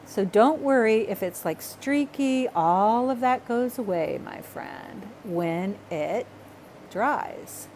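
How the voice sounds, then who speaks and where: A woman teaching a hands-on art project in a loose, chatty way, talking to herself and apologizing as she gets excited. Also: a little high, takes it slowly, a little hiss or hum. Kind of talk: casual craft tutorial.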